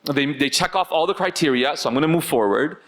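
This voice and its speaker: A man's voice: a little high, a little fast, a bit bright. A man teaching a religious class in a conversational way, often asking the audience rhetorical questions.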